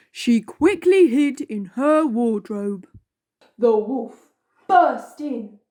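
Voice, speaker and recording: A woman puppeteer narrating a children's story in an animated, expressive way. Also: fairly high pitch.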